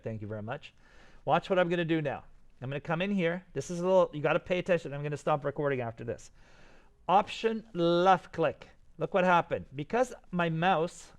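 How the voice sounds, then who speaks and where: A man walks his class through a software tutorial as he records his screen. His voice sits a little high, and he keeps up a running, excited commentary on each step. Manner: enthusiastic, talks to students while clicking through steps. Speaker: teacher.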